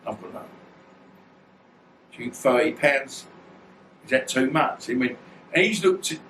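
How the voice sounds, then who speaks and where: This guest, an ex-boxer in his 50s, has a medium-pitched, fairly bright, expressive voice and a measured pace. He tells casual, blunt, rambling stories full of slang in an interview. A little hiss or hum, a roomy echo, faint ambience, and a distant mic mark the recording.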